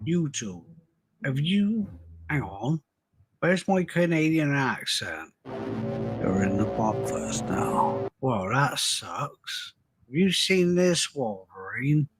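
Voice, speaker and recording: A man voicing a brash, deadpan character in an amateur comedy cartoon short. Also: mid-range voice, slow pace, husky, soft background music, exaggerated voice. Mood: deadpan comic.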